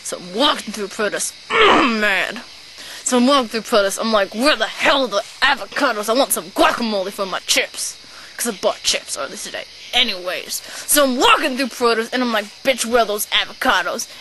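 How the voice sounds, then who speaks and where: A woman's voice: a little high, animated, normal speed, sharp tone. A woman playing a foul-mouthed, bossy young shopper who rants and swears constantly in an amateur sketch. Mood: ranting. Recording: noisy home recording.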